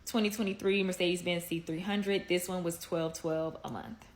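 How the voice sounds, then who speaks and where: A woman's voice: lowish voice, fairly even intonation, normal speed, a little hiss or hum. A woman in a casual video monologue, playfully and affectionately going through her cars and what she paid for each. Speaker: social media creator listing her cars.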